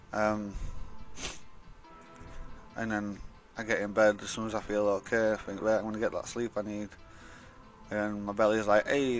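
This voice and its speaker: A young man with a fairly low voice tells a long personal story in a loose, rambling vlog style. He swears freely and slips into the voices of the people he quotes. Faint music plays softly behind him. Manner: rambling, swears a lot, acts out quoted dialogue. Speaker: vlogger. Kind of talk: casual storytime monologue.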